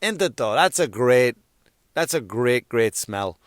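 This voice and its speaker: Man, comic podcast storytelling, rambling, smooth resonant voice, dry close sound. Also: mid-range voice, a little slow, no room sound. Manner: rambling, animated retelling with acted-out quotes. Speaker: podcast host.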